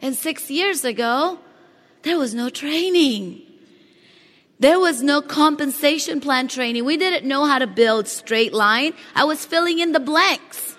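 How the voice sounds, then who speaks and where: A woman giving an energetic motivational speech on stage, talking straight to the audience and asking them questions. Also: high voice, unhurried. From Latin America. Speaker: motivational speaker at a company event. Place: large hall on stage. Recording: long hall reverb.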